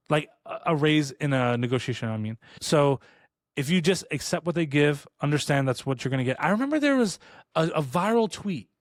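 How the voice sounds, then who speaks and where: A man co-hosting a podcast, telling stories in a casual chat. He talks fast and rambles with restarts, and he acts out quoted lines in a raised voice. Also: on the high side, no echo, studio quality. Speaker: podcast co-host. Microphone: studio podcast mic.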